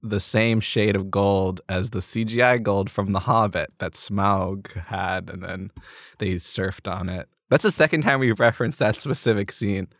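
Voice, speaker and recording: A man's voice: on the low side, a little slow, fairly bright tone, dry recording, studio quality. A man co-hosting a fantasy world-building podcast, chatting in a playful, giggly, rambling way. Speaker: podcast co-host. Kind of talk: casual comedic chat.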